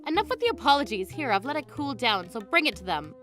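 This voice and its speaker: A woman voicing a blunt, sharp-tongued mother-in-law in her fifties. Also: fairly high pitch, big pitch swings, fast, soft background music. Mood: scolding. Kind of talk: scripted story narration.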